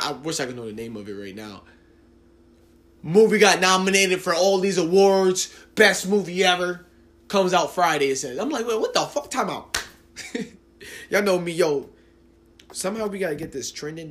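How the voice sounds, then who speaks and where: A man's voice: a little high, fairly bright tone, a little hiss or hum. A man in his late twenties hosting his own podcast, ranting casually, profane and rambling with lots of restarts. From New Jersey. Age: 20s. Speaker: podcast host. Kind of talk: casual solo podcast rant.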